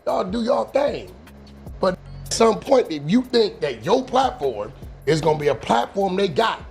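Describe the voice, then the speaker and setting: Man, high voice, lecturing a friend casually, faint music underneath. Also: very animated, unhurried, creaky. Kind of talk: casual advice talk.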